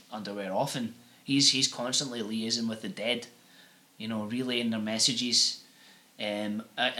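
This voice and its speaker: Bright-voiced Scottish man telling crude stories. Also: mid-range voice. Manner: rambling, anecdotal, crude, swears freely. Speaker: podcast co-host. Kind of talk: casual comedic chat.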